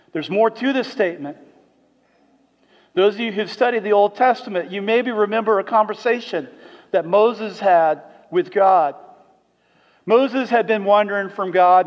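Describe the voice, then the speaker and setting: A man pastor delivers a sermon in a church sanctuary. His voice is high and moves between emphatic preaching and soft, earnest tones. The room has a long, echoing reverb, and the recording sounds muffled.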